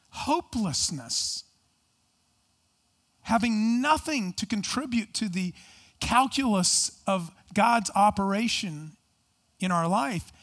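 A man's voice: high voice, a bit bright. A man preaching a sermon in an earnest, emphatic way, asking rhetorical questions and explaining scripture. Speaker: pastor.

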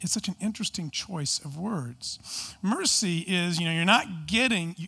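Preaching with earnest emphasis and plenty of rhetorical questions, a male pastor also slips into explaining the text like a teacher. His high-pitched voice is unhurried, creaky, pushed and bright with a breathy edge, and his intonation is lively.

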